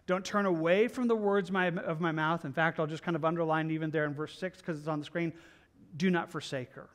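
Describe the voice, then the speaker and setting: A man's voice: on the high side, fairly even intonation, fairly quick. Earnest man teaching scripture. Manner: earnest, repetitive, conversational with many restarts. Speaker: pastor. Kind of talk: verse-by-verse Bible teaching.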